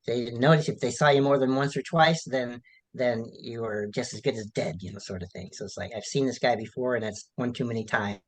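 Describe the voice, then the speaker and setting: Halting, rambling man. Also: medium pitch, poor audio. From United States. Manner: halting, rambling, many restarts and fillers. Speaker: author being interviewed. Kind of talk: casual interview answers.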